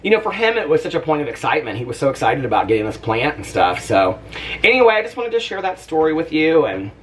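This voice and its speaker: A man in his thirties tells a personal story to his vlog audience in a casual, chatty way. His pitch swings a lot as he talks, and he laughs often and sometimes sounds close to tears. He sits a little away from the mic. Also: sing-song, fast, fairly bright tone, distant mic, a little hiss or hum. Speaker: vlogger.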